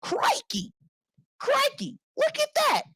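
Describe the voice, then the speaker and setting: A woman putting on an excitable male wildlife showman with an Australian accent, exclaiming over an animal. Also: extremely high pitch, slow, a little hiss or hum, pitched above the performer's own voice, exaggerated voice. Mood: thrilled. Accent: put-on Australian. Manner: gushing, exclaiming.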